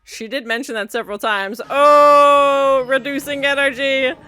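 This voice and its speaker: A woman's voice: high voice, steady tone, a little slow, bright, forceful tone. A woman hosting a reaction video, chatting casually and laughing as she comments on an old TV episode. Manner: chatty, laughing, playful asides. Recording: music from the show playing behind.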